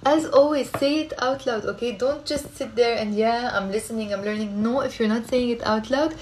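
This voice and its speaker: A woman teaching Arabic live from her phone, lively and coaxing, repeating words for learners to drill. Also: fairly high pitch, normal speed, slight background noise. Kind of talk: live-streamed language lesson.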